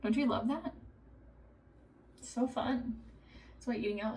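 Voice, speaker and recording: A woman in her thirties, a mother of three, chatting casually to camera and telling family stories with animated quoted lines. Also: a little high, a little slow, pauses often, recorded from a distance, a little hiss or hum.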